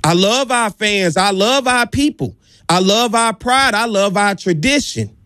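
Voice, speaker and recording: A man's voice: high voice, expressive, unhurried, pushed and bright, no echo. A man hosting a sports show, delivering an impassioned, emphatic monologue with lots of repetition.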